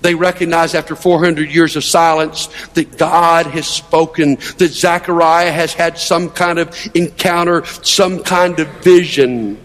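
A man's voice: on the high side, fairly even intonation, measured pace, few pauses, a bit bright. A middle-aged male pastor preaching a sermon in a conversational, storytelling way, with rhetorical questions. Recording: long hall reverb.

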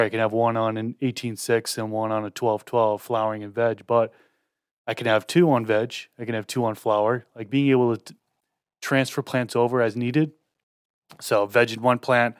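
A man's voice: mid-range voice, little pitch movement, normal speed, clear, resonant tone, no room sound, clean studio sound. A man with a Boston accent co-hosting a podcast, explaining in an easygoing way with lots of fillers. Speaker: podcast co-host. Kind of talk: casual chat.

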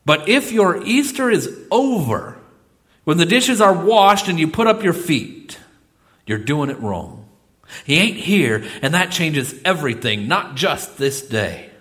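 A middle-aged male pastor preaching a sermon in a church, swinging between loud exclamations and soft asides. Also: a little high, big pitch swings, measured pace. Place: church sanctuary.

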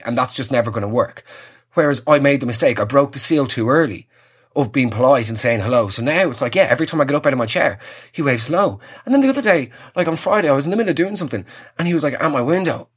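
This young Irish man hosts his podcast with a husky, fairly high-pitched voice. He's ranting through a sarcastic, exasperated comic monologue, casual and played for laughs.

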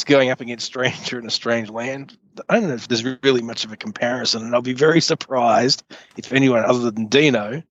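A man's voice: medium pitch, fairly bright tone, no room sound, muffled recording. A man co-hosting a casual podcast chat, opinionated with dry jokes. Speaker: podcast co-host.

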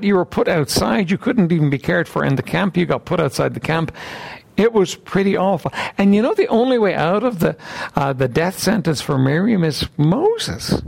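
Male preacher, gravelly voice, lively and varied delivery, keeps clearing his throat while teaching from scripture. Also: high-pitched. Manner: reads scripture aloud in old wording. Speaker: Bible teacher. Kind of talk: sermon with scripture reading.

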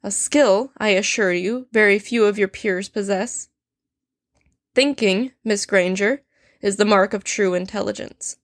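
A woman's voice: mid-range voice, unhurried, no echo, close to an everyday voice. Woman putting on a stern male professor, sardonic, cold, clipped, dry recording. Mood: cold, scornful.

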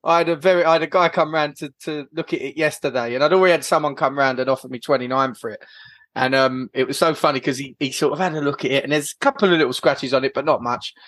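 Podcast guy, kinda high voice, teasing his mate, dry sound. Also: fast talker, fairly bright tone, dry recording. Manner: teasing, jokey banter. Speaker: podcast co-host. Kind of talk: casual chat.

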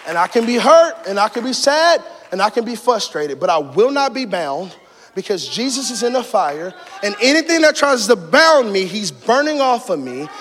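High-voiced fervent preacher in a reverberant hall. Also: male voice, big pitch swings, moderate pace, a faint crowd. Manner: swings between shouted fervent climaxes and hushed personal storytelling. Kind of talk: sermon. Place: church sanctuary.

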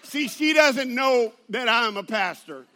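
A male pastor, preaching a sermon to his church and telling stories in an animated way, with many restarts. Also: sits high, normal speed, slight background noise. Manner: animated storytelling with laughs and restarts.

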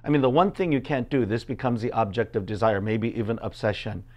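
A man's voice: medium pitch, fairly quick, darkish tone. Conversational preacher man, filler-heavy. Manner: conversational, many fillers, acts out quoted voices. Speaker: pastor. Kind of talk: sermon with scripture reading.

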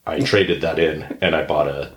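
Deep-voiced man telling a story in a roomy space. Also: normal speed. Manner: animated anecdote teller who acts out others' yelling. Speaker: podcast co-host. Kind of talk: casual storytelling chat. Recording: roomy echo.

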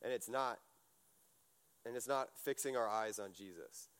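A man preaching a casual sermon, telling stories in a chatty, animated way, full of fillers and restarts. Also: fairly low pitch, unhurried, clean tone.

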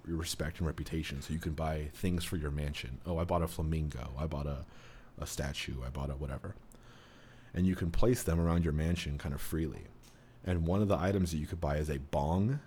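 A man's voice: low-pitched, dark tone. A man co-hosting a podcast in casual chat, rambling and amused, with lots of fillers. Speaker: podcast co-host.

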